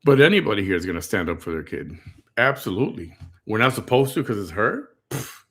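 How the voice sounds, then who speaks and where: Deep-voiced blunt man. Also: very animated, fast talker, a bit bright. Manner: blunt and indignant, tells stories. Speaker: host. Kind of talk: casual reaction commentary.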